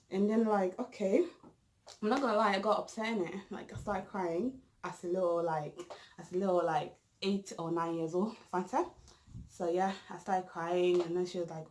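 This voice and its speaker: A woman's voice: lowish voice, steady tone, normal speed, a little mellow, poor audio. A young woman, casually telling a storytime vlog with lots of fillers and restarts. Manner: rambling, full of fillers and restarts. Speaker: vlogger.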